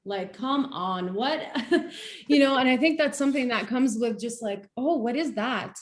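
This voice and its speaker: A young woman from Palestine, speaking in a casual chat and telling stories in an animated way with frequent laughs. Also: a little high, unhurried. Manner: animated storytelling, laughs often. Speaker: guest speaker.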